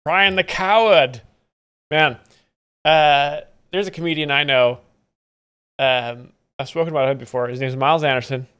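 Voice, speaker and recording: A man with a smooth, clean voice talks over comedy clips on a live stream. He explains the jokes with mock-pedantic seriousness and a dry, deadpan delivery. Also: mid-range voice, normal speed. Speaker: comedy commentator host.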